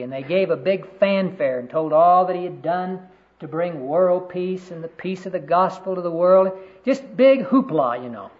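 Guy preaching earnestly, kinda high voice, muffled old tape sound. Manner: earnest storytelling, quotes scripture. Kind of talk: sermon. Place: conference room. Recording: dull lo-fi sermon recording.

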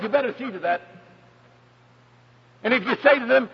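Male preacher, storytelling, breathy, dull lo-fi hall sound. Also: very high-pitched, brisk, pauses often. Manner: emphatic, storytelling, animated. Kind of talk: sermon on parenting. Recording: dull recording in echoey hall.

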